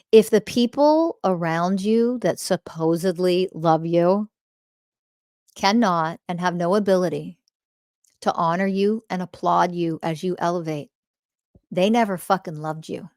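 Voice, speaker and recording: A woman hosts a podcast on spirituality, delivering a blunt monologue where she swears often, fires off rhetorical questions, and repeats key phrases for emphasis. Her voice is lowish and darkish in tone, captured in a dry, studio-quality recording.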